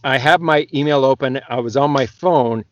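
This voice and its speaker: A man from Canada, an audiobook narrator, chatting as a podcast guest in a lively storytelling way. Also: mid-range voice, moderate pace, lo-fi sound. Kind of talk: casual podcast chat.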